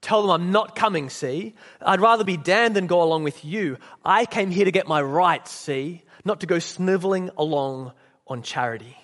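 A man's voice: sits high, normal speed, fairly bright tone, in a large hall. A man reading out an indignant, self-righteous male ghost in a sermon, with a blustering, aggrieved way of talking.

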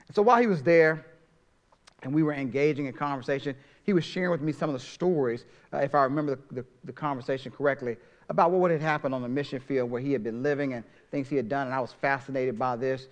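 A middle-aged man preaching a sermon as pastor, swinging from soft, drawn-out phrases to loud, emphatic ones. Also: medium pitch.

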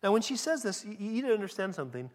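Animated American man preaching. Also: high voice, rapid-fire. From California. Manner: animated, conversational preaching with restarts and acted asides. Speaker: pastor. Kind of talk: sermon.

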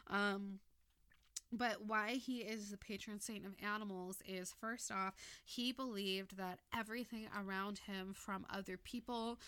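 Bright chatty Valley girl woman. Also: mid-range voice, fairly even intonation, a little slow, clear, resonant tone, dry recording. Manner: chatty, filler-heavy, swears casually. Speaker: podcast co-host. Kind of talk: casual chat.

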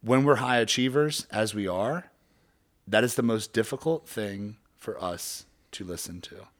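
A man's voice: fairly low pitch, unhurried. A man appearing as a podcast guest, talking as a performance coach in an earnest, motivational way. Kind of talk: casual podcast chat.

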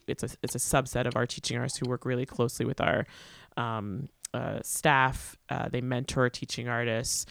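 A man in casual conversation about leading a teaching artist program, speaking hesitantly with many pauses and fillers. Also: medium pitch, vocal fry, dry recording.

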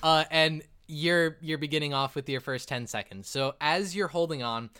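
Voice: mid-range voice, normal speed, bright, forceful tone, smooth. A game master narrating a tabletop game, rambling with many restarts and fillers, often breaking into laughter.

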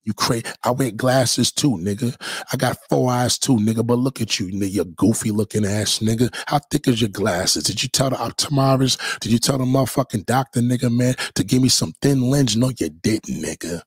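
Husky, profane New man ranting. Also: medium pitch, moderate pace, no echo. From Brooklyn, New York. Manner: profane, mocking, loud bursts of insults. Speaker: livestreamer. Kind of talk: trash-talking livestream rant.

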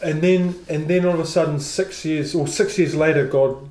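A man's voice: fairly high pitch, fairly even intonation, normal speed, a crowd in the background. Male interviewer, probing, filler-heavy, echoey room. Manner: probing, thinking aloud with fillers. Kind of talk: conversational interview.

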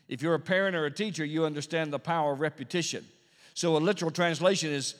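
A man preaching a Pentecostal sermon, swinging between hushed, slow passages and loud, rising emphasis, repeating phrases for effect. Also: a little high. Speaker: pastor. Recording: long reverb of a large hall.

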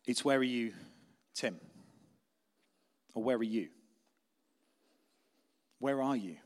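Young male pastor, mid-pitched, chatty sermon delivery that sinks quiet and intense on key lines. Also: slow pace. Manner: conversational, anecdotal preaching, softening to quiet intensity.

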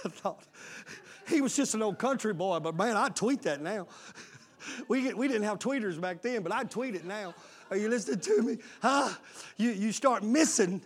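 High-voiced pastor preaching with fiery shouts. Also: male voice. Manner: preaching with bursts of shouting and laughter, calling out to the congregation. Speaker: lead pastor. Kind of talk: sermon.

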